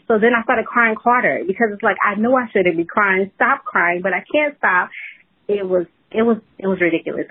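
A woman's voice: medium pitch, breathy edge. A woman caller leaving a voicemail, telling a rambling story while crying. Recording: tinny phone voicemail.

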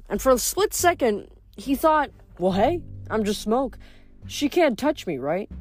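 Woman, novel read aloud, expressive, lively pitch, faint background music. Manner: animated, expressive reading. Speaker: audiobook reader.

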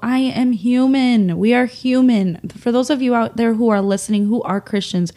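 A woman's voice: a little high, moderate pace, warm tone. A young woman hosting a solo podcast, talking openly and emotionally, rambling with many fillers, nasal and close to tears. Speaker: podcast host.

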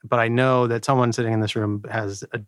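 A man's voice: mid-range voice, little pitch movement, brisk, no echo, studio quality. A man co-hosting a podcast in casual chat, rambling with lots of fillers. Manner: rambling, many fillers and restarts. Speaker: podcast co-host. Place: shared recording room.

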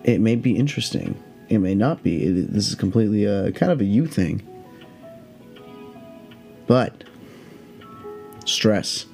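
A young man who is high, telling a rambling story in a laid-back, profane, meandering way. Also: lively intonation, measured pace, creaky, long pauses, a little mellow, faint music behind. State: high on cannabis. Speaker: podcast host.

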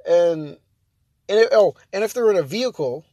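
A man's voice: sits high, animated, normal speed, warm tone, no echo. Exasperated rambling man. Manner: exasperated, rambling, many fillers and restarts. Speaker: vlogger. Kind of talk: casual ranting monologue.

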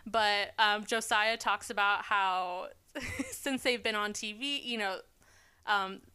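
A woman's voice: medium pitch, steady tone, slow pace, pushed and bright, clear, resonant tone. A woman co-hosting a podcast, chatting casually and laughing often with lots of filler words. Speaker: podcast co-host. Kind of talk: casual chat recapping a TV show.

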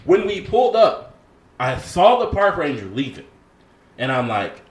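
A man's voice: on the high side, very animated, measured pace. A man in casual chat, telling a story in a laid-back way and quoting others. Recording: echoey room.

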